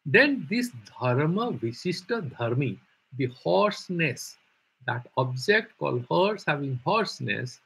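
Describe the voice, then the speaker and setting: Gravelly, husky man teaching. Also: medium pitch, fairly bright tone, low-quality recording. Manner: patient explaining with rhetorical questions and repeated terms. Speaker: Vedanta teacher. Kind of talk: live online philosophy class.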